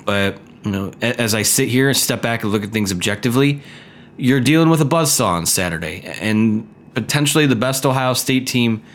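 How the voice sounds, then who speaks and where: A man's voice: medium pitch, brisk, slight background noise. Stuffy-nosed man hosting a sports podcast. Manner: conversational, frequent fillers and restarts. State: nasal, stuffy from a cold. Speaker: podcast host. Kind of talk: solo sports podcast talk.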